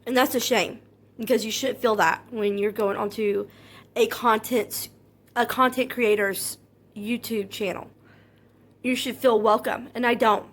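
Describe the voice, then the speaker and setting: In a personal monologue to her viewers, a woman content creator comes across as sincere and hurt, anxious beneath a calm, controlled, not-loud delivery. Her voice is a little high, and she tends to repeat herself.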